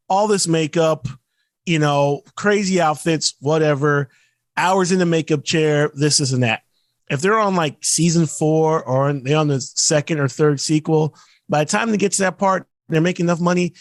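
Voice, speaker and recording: A man with a fairly high voice co-hosts a podcast, ranting animatedly in casual chat. He slips into quick, mocking put-on quotes of actors. There's no room sound.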